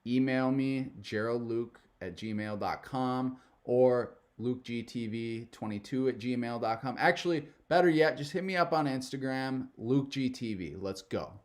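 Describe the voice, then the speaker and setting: A man's voice: medium pitch, measured pace, hardly any pauses. A young adult man hosting a reaction video, talking in a loose, rambling, profane way. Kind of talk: casual commentary.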